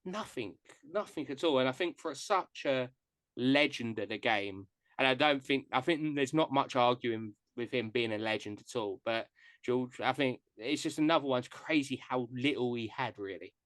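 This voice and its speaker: A man hosts a casual podcast in an eager, self-mocking way. His voice sits at an ordinary pitch. The sound is dry and close, with no room echo. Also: normal speed, fairly bright tone. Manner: enthusiastic, self-deprecating fan. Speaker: podcast host. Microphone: podcast mic on live stream.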